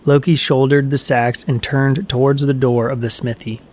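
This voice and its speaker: A man reading a myth aloud as a storyteller, in an even, measured way. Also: medium pitch. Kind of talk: scripted narration of a myth.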